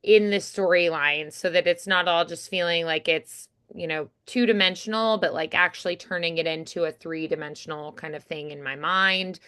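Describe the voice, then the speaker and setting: Bright crisp-voiced woman coaching voiceover. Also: fairly low pitch, steady tone, normal speed, hardly any pauses. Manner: chatty, acts out example lines, laughs often. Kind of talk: coaching a voice actor.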